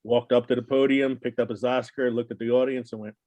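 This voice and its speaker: A man's voice: mid-range voice, fairly quick, no room sound, dull audio. A middle-aged man co-hosting a podcast, chatting casually and telling jokes with lots of laughter. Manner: animated joke-telling, laughs often. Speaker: podcast co-host. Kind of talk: casual chat.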